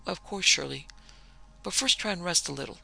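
A man reading aloud, voicing a composed male doctor who speaks in a firm, measured way. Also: sits high, vocal fry, bright, forceful tone, soft background music, exaggerated voice, poor audio. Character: calm, curt male doctor, firm but kindly.

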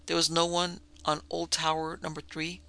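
A man acting out a puzzled, green male guard new on the job, talking in a loose drawl. The voice is a touch high and gravelly, bright and dry. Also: completely flat delivery, normal speed, no room sound.

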